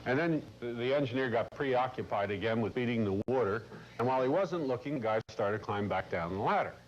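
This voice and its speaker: A man giving a lecture to a corporate class, telling a long story in a blunt, salty, animated way. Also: medium pitch, fairly quick. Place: lecture room. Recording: muffled old videotape with faint hiss.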